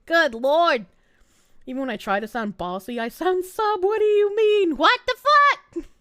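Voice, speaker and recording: A young woman from Boston with a Boston accent, chatting casually on a live stream, animated, swearing and laughing often as she reads chat. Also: extremely high pitch, normal speed, no room sound, clean studio sound. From Boston, USA. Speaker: VTuber streamer.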